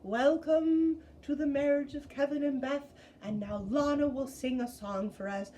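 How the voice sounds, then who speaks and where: A woman voicing a folksy middle-aged father acting as wedding preacher, speaking in a loud, hearty, rambling way. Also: high-pitched, fairly even intonation, unhurried, slight background noise.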